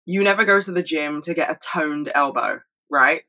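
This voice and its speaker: A woman talking fast and candidly to her camera at home, swearing freely in a casual solo monologue. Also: sits low, bright, forceful tone, poor audio. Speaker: solo video host.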